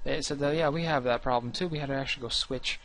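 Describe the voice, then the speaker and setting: This gaming channel host is an earnest young man who talks fast in a mid-range, slightly bright voice, with a little background noise. Speaking casually to camera about his channel, he rambles, restarts often, and pokes fun at himself.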